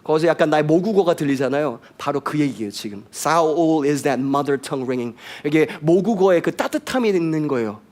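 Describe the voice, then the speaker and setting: Male pastor, rapid-fire emphatic bilingual sermon, slightly high voice. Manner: switches between English and Korean, lively and emphatic.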